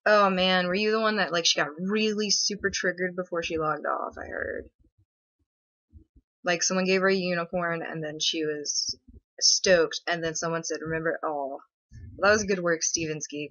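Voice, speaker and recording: Speaking unhurriedly in a steady, fairly bright tone, this young woman runs a laid-back livestream full of sarcastic rambling and filler words. Her webcam or laptop mic gives the dry, echo-free audio a muffled, low-fi quality.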